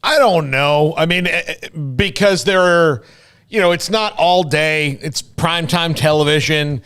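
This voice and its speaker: A man's voice: fairly high pitch, unhurried, fairly bright tone, clear, resonant tone. A man co-hosting a sports radio show, talking casually with lots of fillers. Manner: rambling, many fillers. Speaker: radio co-host.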